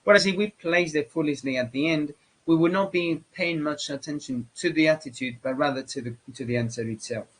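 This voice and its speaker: Halting male English teacher, Spanish native. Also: a little high, breathy edge, low-quality recording. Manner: halting, many fillers and restarts. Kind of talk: lecture on grammar.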